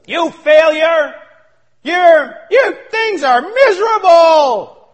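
A male preacher voicing the accuser, a sneering male devil who taunts slowly and loudly. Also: very high voice, lively intonation, big-room sound, lo-fi sound, pitched above the performer's own voice, full character voice. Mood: taunting. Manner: slow, shouted taunting.

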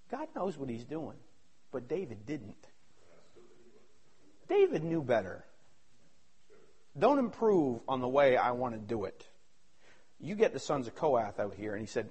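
A man preaching a sermon with great fervor, dropping to low mutters and rising to shouted exhortations as he acts out the voices in Bible stories. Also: very animated, unhurried, pauses often, breathy edge. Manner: fervent, swings from low mutters to high shouts.

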